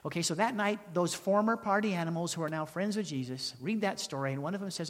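Animated high-voiced preacher in a reverberant hall. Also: male voice, fast, hardly any pauses. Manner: animated, questions the congregation, acts out quoted voices. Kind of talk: storytelling sermon.

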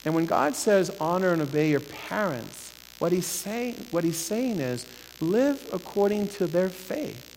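A man preaching a sermon as pastor, building from steady teaching to impassioned, near-shouted pleading. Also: high-pitched, unhurried, gravelly. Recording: echoey hall with faint hiss and hum.

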